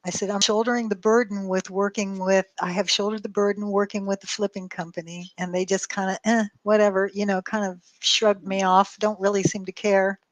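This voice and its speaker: A woman talks through a long personal story, acting out both sides of every exchange in her own voice. She swears freely and keeps a casual, animated tone. The sound is dry and close, with no room echo. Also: medium pitch, fairly quick, hardly any pauses. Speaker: co-host telling a story.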